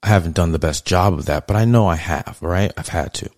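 A man's voice: low voice, a little fast, no echo, studio quality. A man hosting a podcast, talking in a blunt, profane, conversational monologue that grows more heated. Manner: blunt, profane, conversational, heats up and gets louder. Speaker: podcast host. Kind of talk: casual monologue commentary.

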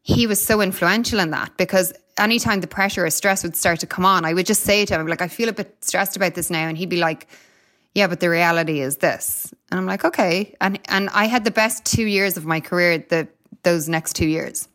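A woman's voice: on the low side, a little fast, fairly bright tone. A woman in her thirties with an Irish accent, a retired runner chatting as a guest, telling stories and laughing often. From Ireland. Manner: chatty, storytelling, laughs often, many fillers. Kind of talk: casual interview chat.

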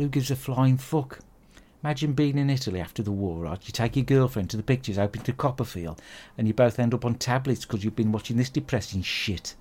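British male host, lowish pitch, crude cursing comic rant about films. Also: a little mellow. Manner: crude, sweary, grumbling rant. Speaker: podcast host. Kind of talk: comic film review monologue.

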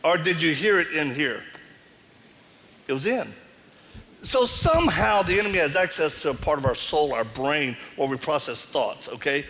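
A man's voice: a little high, normal speed. A middle-aged man preaching a sermon to a live audience, telling stories and acting out the dialogue with animation. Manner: animated storytelling, acts out dialogue. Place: large hall before an audience. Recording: reverberant hall.

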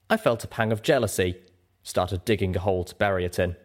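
A man narrating a story aloud as an audiobook reader, with an expressive, dramatic delivery. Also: low-pitched, fast talker. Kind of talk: scripted narration.

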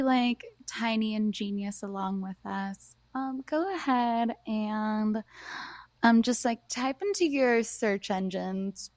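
A woman's voice: a little high, slow pace, darkish tone, no room sound. A young adult woman co-hosting a podcast, chatting casually and laughing easily. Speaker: podcast co-host. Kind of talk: casual chat.

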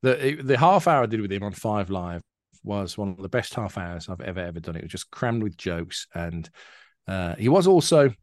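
Chatty man, low voice. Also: very animated, normal speed, no room sound, studio quality. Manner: chatty, reads jokes aloud with acted voices. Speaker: podcast co-host. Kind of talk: casual chat.

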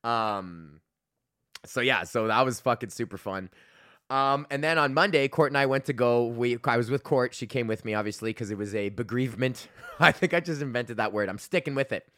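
A man's voice: medium pitch, moderate pace, fairly bright tone, no room sound, clean studio sound. A young man hosting his own podcast, rambling casually about his week, swearing a lot, laughing often and restarting his sentences. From Alberta, Canada. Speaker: comedian podcast host.

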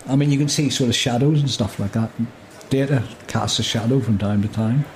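A man's voice: medium pitch, brisk, darkish tone, a little hiss or hum. A man reading a story aloud and chatting about it in a jokey way. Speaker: story reader. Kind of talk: casual reading and chat.

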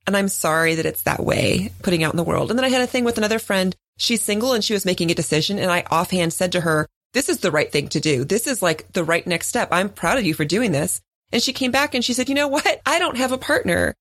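A woman in her forties co-hosting a podcast, telling a story in casual chat and jumping up in pitch when she quotes other people. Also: quick pace, dry recording, studio quality. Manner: animated storytelling, jumps high when voicing others. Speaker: podcast co-host.

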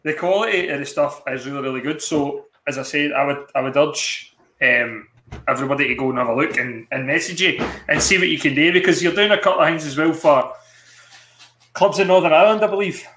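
A man's voice: fairly high pitch, a little fast, a bit bright, roomy sound. A man hosting a casual podcast chat, swearing freely. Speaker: podcast host.

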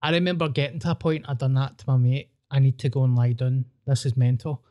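A Scottish man with a Glaswegian accent, hosting a podcast and telling a wild story in an animated, sweary way, acting out voices. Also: medium pitch, fast talker. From Scotland. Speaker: podcast host. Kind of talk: casual storytelling chat.

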